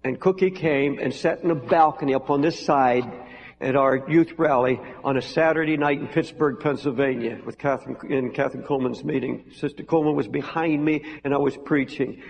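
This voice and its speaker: A man's voice: mid-range voice, a little fast, vocal fry. An older man preaching a sermon to a large congregation, in an earnest, pleading manner. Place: large hall with balcony. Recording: echoey hall, faint noise.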